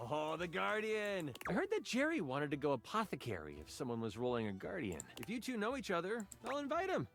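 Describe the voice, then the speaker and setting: A voice actor playing an excitable object character in a video game who loves tabletop role-playing games. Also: medium pitch, brisk, hardly any pauses, soft background music. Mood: eager. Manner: excited, eager to please.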